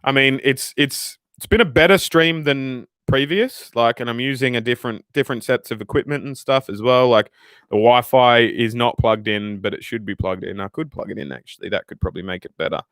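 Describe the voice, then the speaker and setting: A man's voice: medium pitch, fairly quick, clear, resonant tone, no echo, studio quality. A young Australian man chatting casually on a livestream, swearing often and rambling between chat comments. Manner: profane, rambling, animated. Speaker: livestream host reading chat.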